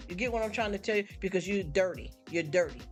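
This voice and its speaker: A woman's voice: medium pitch, quick pace, faint music behind. A woman hosting a live stream, venting bluntly to her chat and mocking people with put-on voices. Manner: blunt, fired-up, mocking impressions.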